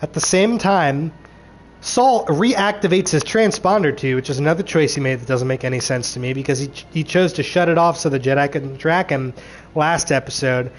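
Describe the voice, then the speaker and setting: A man with a slightly high voice rants through a recap, exasperated and sarcastic and quick to swear. A faint hum of room ambience sits under his voice. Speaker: show recap commentator. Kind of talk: rambling recap rant.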